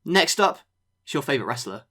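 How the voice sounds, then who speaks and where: A man co-hosting a podcast, recapping wrestling matches in a relaxed way, full of ums. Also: mid-range voice, a little fast. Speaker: podcast co-host. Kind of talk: casual review chat.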